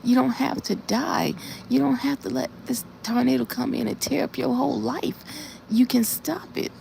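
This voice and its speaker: Speaking straight to her viewers on a casual live stream, a livestreamer earnestly and repetitively describes a dream she had. Her voice sits high, creaky and mellow, moving at normal speed against slight background noise.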